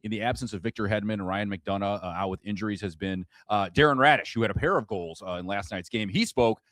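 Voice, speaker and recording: A man co-hosting a podcast in casual sports chat, animated and quick to laugh. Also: lowish voice, no echo, clean studio sound. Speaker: podcast co-host.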